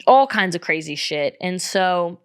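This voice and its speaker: A woman's voice: lowish voice, expressive, a little slow, smooth, no room sound, studio quality. A young woman telling a personal story in casual, candid talk, swearing freely and acting out what others said. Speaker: vlogger.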